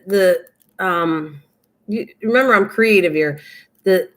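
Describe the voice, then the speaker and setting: An older woman hosting a casual craft livestream, chatting in a rambling way and laughing often as she talks to viewers by name. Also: mid-range voice.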